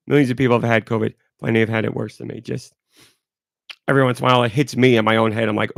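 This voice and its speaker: A man's voice: mid-range voice, fairly even intonation, fast talker, creaky, fairly bright tone, no echo, clean studio sound. A man hosting a podcast alone, congested and talking in a rambling, candid way. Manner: rambling, candid, talks through it. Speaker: podcast host. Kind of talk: casual solo podcast talk.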